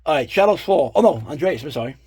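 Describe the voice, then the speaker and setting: Husky middle-aged New man. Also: a little high, lively intonation, fast, a little mellow. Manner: rambling, profane, full of fillers and asides. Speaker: collector showing his guitar picks. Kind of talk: casual show-and-tell storytelling.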